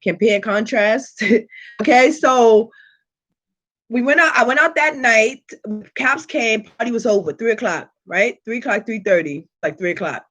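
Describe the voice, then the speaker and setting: A woman hosting her channel, telling a personal story in a casual vlog with animated, profane delivery and constant check-ins with her viewers. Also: fairly high pitch, unhurried. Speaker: tarot reader and channel host.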